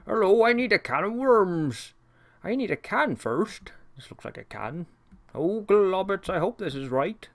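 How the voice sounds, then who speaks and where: A man's voice: high-pitched, sing-song, unhurried, vocal fry, voice pushed up, exaggerated voice. A man voicing a nervous little male monster servant who mutters to himself as he works. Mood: fretful.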